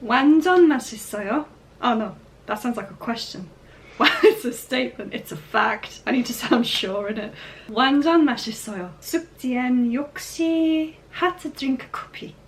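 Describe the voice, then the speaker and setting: A young woman hosting a language-learning vlog, chatting casually as she breaks down phrases, sounds out words slowly and laughs often. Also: on the high side, a little hiss or hum. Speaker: vlog host learning Korean. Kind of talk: casual explaining of phrases and line-reading.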